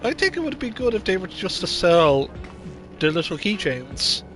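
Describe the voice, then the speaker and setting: A man's voice: sits high, sing-song, moderate pace, a bit bright, faint music behind. A man streaming a game, talking casually in a rambling, chatty way with lots of filler words. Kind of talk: casual gameplay commentary.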